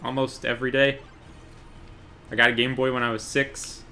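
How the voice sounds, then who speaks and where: A young man on a gaming stream, talking casually in a bright, forceful voice. He is relaxed and chatty, with sudden excited bursts. There is a faint hum of noise behind him. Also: mid-range voice, normal speed.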